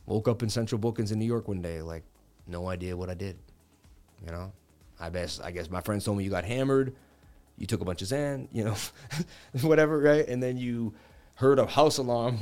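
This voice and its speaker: His voice leans low with a darkish tone as this thirty-something Boston-area man hosts a casual crypto livestream. He tells rambling stories, constantly saying "like" and "you know, man."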